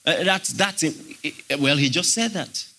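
Male pastor, high-pitched and husky, emphatic sermon delivery with rhetorical questions. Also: a little slow, sharp tone. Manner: emphatic preaching, questions to the congregation.

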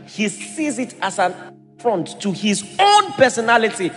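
A Nigerian man preaches with a high voice and swings hard between low and soft. He acts out the people in his stories as he talks, and the sound rings through a large hall with soft music underneath. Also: big pitch swings, normal speed. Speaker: pastor. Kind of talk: sermon.

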